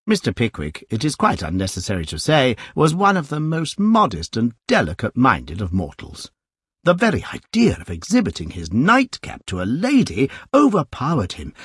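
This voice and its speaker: A man narrating a classic novel aloud, with a lively, varied storytelling delivery. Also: mid-range voice, husky, no echo, clean studio sound.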